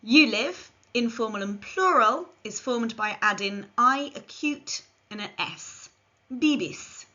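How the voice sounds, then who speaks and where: A woman's voice: a little high, expressive, a little slow, hardly any pauses, bright, forceful tone. A woman giving a scripted language lesson, carefully modelling phrases for learners to repeat. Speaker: language teacher. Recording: dull lo-fi recording.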